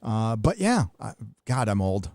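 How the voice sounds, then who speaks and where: A man's voice: lowish voice, big pitch swings, measured pace, a little mellow, no room sound. Middle-aged american guy ranting on his live stream, swears a lot, dry close sound. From United States. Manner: blunt, profane, rambling with restarts. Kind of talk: casual live stream commentary.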